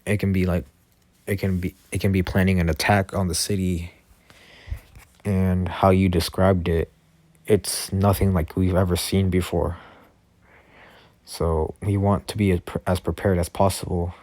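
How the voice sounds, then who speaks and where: A calm male chief of a school and defense force speaks in a deep, dry, unhurried voice, as a man puts him on. He sounds low-key and hesitant, full of fillers, over a voice chat. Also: no echo. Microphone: Discord voice chat.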